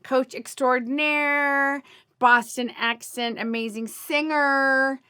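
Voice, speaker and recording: A woman's voice: sits high, fairly even intonation, slow, sharp tone, smooth. A woman hosting a casual podcast chat as a coach, gushing and enthusiastic, laughing often.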